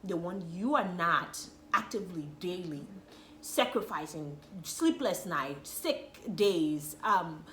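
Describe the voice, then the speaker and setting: A woman with a bright, forceful and fairly low voice tells her story in a casual faith conversation. She is animated and acts out the quoted lines with sudden loud, high bursts. The room around her sounds echoey. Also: slow pace, a little hiss or hum. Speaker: guest sharing her testimony.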